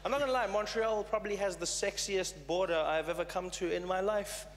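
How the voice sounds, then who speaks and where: A man doing stand-up comedy on a live stage, telling stories in an animated, conversational way. His voice sits fairly high for a man. The long reverb of a live comedy hall surrounds every word. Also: fairly quick, a little hiss or hum.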